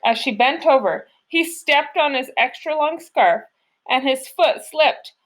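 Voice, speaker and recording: A woman reading a children's picture book aloud in an expressive, storytelling way. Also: high-pitched, unhurried. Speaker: storybook reader.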